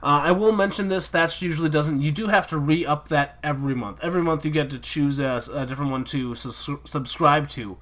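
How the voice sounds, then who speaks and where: A man's voice: on the high side, a little fast, hardly any pauses, a bit bright. A man hosting a casual podcast outro, rambling with lots of fillers. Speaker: podcast host.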